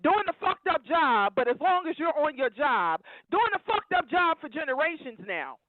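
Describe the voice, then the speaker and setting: A woman's voice: sits high, sing-song, moderate pace, no echo. A woman calling in to a talk show, emotional and preaching fiercely, repeating phrases for emphasis. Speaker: caller. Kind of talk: impassioned call-in rant. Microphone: phone. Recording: tinny dry phone line.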